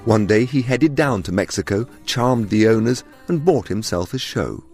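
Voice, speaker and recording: A man narrates a radio documentary in a fairly low voice, rising and falling with plenty of life. His delivery is dry and wry, with a little music underneath. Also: animated, moderate pace, a little mellow. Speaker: documentary presenter.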